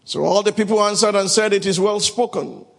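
Preacher guy, dramatic, shouts out lines, husky voice, big echoey hall. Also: high-pitched, a little fast. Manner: dramatic, shouting bursts, Bible reading, call-and-response. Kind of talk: sermon. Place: large hall with congregation.

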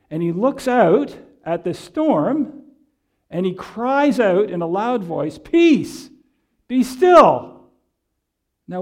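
A man preaching a conversational sermon, reading scripture and explaining it with frequent pauses and fillers. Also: high-pitched, warm tone. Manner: reads and re-reads scripture quotations.

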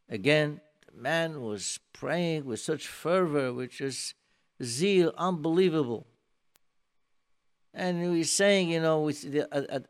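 A man preaches through a story with a fairly high voice. He restarts often, pushing loud on key words, then dropping soft. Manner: emphatic, many restarts, swings between soft and loud. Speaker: rabbi giving a talk. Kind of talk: sermon storytelling.

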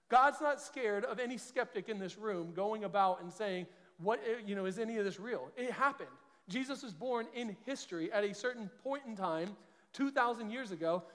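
High-voiced preacher in an echoing hall. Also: male voice, a bit bright. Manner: earnest, conversational preaching with quick restarts. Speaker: pastor. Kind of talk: sermon.

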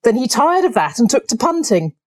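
A woman's voice: on the high side, very animated, a little fast, darkish tone, pitched above the performer's own voice. A woman doing a gossipy water rat. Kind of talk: storybook voice acting.

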